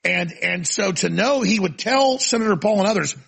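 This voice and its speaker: Gravelly raspy guy hosting a talk show, worked up, tense edgy voice. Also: high-pitched, a little fast, hardly any pauses. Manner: forceful, ranting, emphatic. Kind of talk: heated interview talk.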